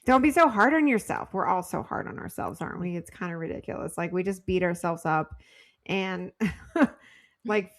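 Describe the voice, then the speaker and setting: A woman's voice: fairly low pitch, normal speed. A woman co-hosting a podcast in casual chat, talking loosely and giggling often. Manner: chatty and giggly, with loose filler-heavy phrasing. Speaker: podcast co-host.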